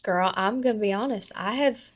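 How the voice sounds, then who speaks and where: A woman's voice: mid-range voice, normal speed. A woman co-hosting a podcast in casual chat, brash, profane and teasing. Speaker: podcast co-host.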